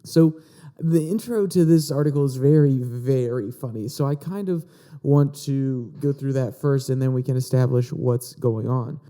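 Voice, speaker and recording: A man's voice: mid-range voice, normal speed, warm tone. A man from Virginia hosting a podcast. He talks casually about political news, explains the articles and reads out quotes. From Virginia, USA. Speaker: podcast host.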